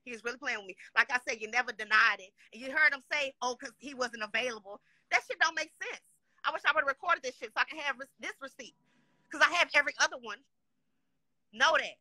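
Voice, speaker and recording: Woman from Dallas, high bright voice, rapid profane rant, dry close sound. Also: dry recording. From Dallas, Texas. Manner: profane, heated, repeats "you know what I'm saying". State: upset. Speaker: guest complaining on a live show. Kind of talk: angry rant.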